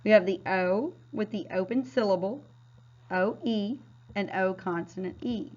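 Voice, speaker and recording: A woman teacher leads a recorded phonics lesson at a mid pitch, sounding out words slowly and clearly so children can repeat them. The sound is slightly dull and lo-fi. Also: background noise. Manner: clear, patient, drawn-out word modeling.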